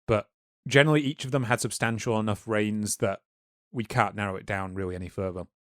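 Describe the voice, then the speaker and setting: A man's voice: lowish voice, fairly even intonation, fairly quick, a bit bright, dry recording. Man explaining history, dry close sound. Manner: informal, lecturing with fillers and asides. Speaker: podcast co-host. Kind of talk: casual history podcast explaining.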